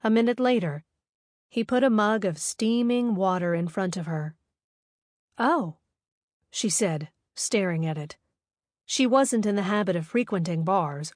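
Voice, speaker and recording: A woman reading a romance novel aloud in smooth, even scripted narration. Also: medium pitch, dry recording, studio quality. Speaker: audiobook narrator.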